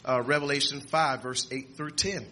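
A man preaching a sermon, reading scripture aloud with restarts and repeats, and rising to shouts and exclamations. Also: mid-range voice, fairly even intonation, moderate pace, slight background noise.

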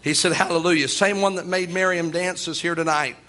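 A man's voice: high voice, steady tone, fairly quick, bright, forceful tone. A man preaching a sermon in a folksy storytelling way, often chuckling and repeating "oh my".

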